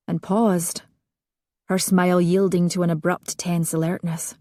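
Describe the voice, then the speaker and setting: Low-voiced woman narrating a romance novel. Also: level tone, normal speed, warm tone, no echo, clean studio sound. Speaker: audiobook narrator.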